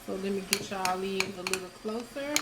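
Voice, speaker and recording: A woman's voice: medium pitch, brisk. Chatty woman in an echoey kitchen. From United States. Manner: chatty, addresses viewers as y'all. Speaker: cooking vlogger. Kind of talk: casual cooking demonstration. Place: home kitchen. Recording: echoey kitchen with cooking noise.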